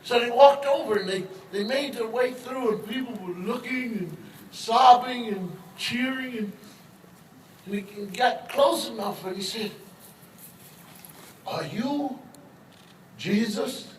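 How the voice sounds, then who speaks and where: Folksy older man giving a slow speech. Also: very high voice. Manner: folksy storyteller, teasing the audience. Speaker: commencement speaker. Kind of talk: humorous commencement speech. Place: large commencement hall. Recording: echoey hall, distant mic, crowd noise.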